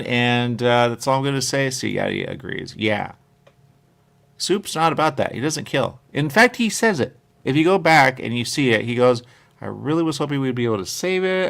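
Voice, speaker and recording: Rambling gravelly man hosting a live show. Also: medium pitch. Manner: rambling, repeats "there you go", reads chat comments aloud. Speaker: radio show host.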